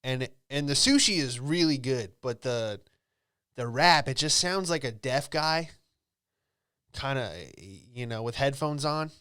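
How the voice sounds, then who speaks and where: A man's voice: mid-range voice, a little slow, bright, forceful tone, smooth, dry recording, studio quality. A young man, a comedian, riffing casually through a solo comedy monologue in a rambling, offhand way, with lots of fillers. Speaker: comedian and podcast host.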